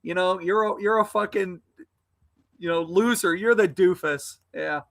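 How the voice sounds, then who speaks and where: A man's voice: sits high, unhurried, creaky, a bit bright. A man on a live video call, angrily insulting a troll in a heated argument, repeating himself. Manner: angry, insulting, repetitive. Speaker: guest on a live stream.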